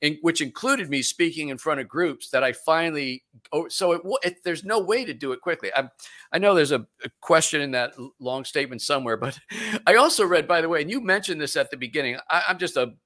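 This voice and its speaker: A man's voice: a little high, lively intonation, brisk, bright, forceful tone. A man hosting a radio interview show, asking rambling, joking questions in a casual way. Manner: chatty, jokey, rambling questions.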